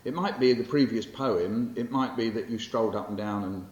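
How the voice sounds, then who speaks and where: Low-voiced older man lecturing in a roomy hall. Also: normal speed, a little mellow. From England. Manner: conversational and wry, with frequent fillers and self-corrections. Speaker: poet giving a public lecture. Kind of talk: lecture with poetry readings. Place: library lecture hall with an audience. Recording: roomy, muffled hall recording with faint hiss.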